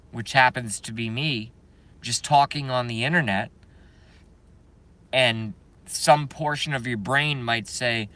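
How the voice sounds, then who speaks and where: A man's voice: mid-range voice, sharp tone. A man on a live stream, talking to his viewers and reading their chat, emphatic and repetitive, often laughing in disbelief.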